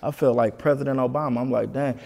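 A man from Michigan, a comedian guest, telling a story in an animated, casual way in an interview. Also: mid-range voice, brisk, gravelly, in a large hall. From Detroit, Michigan. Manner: animated, keeps saying "you know what I'm saying".

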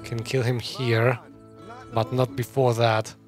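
A man casually commentating a stealth game as he plays, thinking his plans out loud. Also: medium pitch, little pitch movement, slow pace, over music. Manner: thinking aloud, muttering plans to himself. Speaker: gameplay commentator. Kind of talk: casual let's-play commentary.

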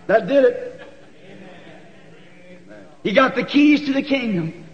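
A man preaches in a very high, ringing voice. He tells the story folksy and animated, rising to shouts. The sound is a dull old church tape with a long hall reverb. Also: unhurried, pauses often. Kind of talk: sermon storytelling.

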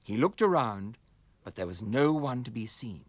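A man reading a children's fairy tale aloud as narrator, in an expressive, sing-song storytelling manner. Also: mid-range voice, normal speed, no echo.

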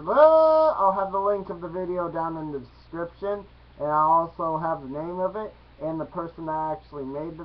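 A young vlogger hosting a casual reaction video, excitable and jokey, breaking into squeals and silly voices. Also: medium pitch. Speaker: YouTube reaction video host. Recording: muffled lo-fi recording.

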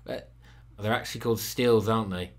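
A man's voice: on the low side, steady tone, a little fast, background noise. A young man giving a sarcastic, swearing comedic review of a film, full of playful asides. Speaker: movie reviewer. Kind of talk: comedic movie review commentary.

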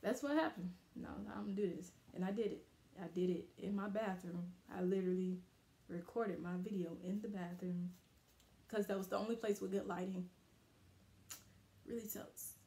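A young woman talks straight to camera in a casual motivational vlog, candid and emphatic, leaning on repeated phrases to drive her point home. Her voice sits at an ordinary middle pitch. The sound bounces around a small, hard-walled room. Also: normal speed, warm tone, roomy sound. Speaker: vlogger. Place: her bathroom.

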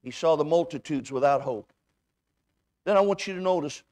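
A man's voice: a little high, normal speed, darkish tone, no room sound. A man preaching a sermon as a visiting evangelist. He tells personal stories in a folksy way, acting out both sides of the conversations and often repeating his words. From United States. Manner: folksy storytelling, acts out dialogue, repeats words. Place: church sanctuary.

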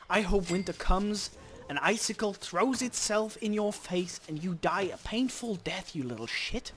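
A man commenting on his game as he plays, chatting casually, cursing at creatures and bursting into loud shouts. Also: sits high, unhurried, a little hiss or hum. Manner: animated, swears at game creatures, sudden loud outbursts. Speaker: let's play host.

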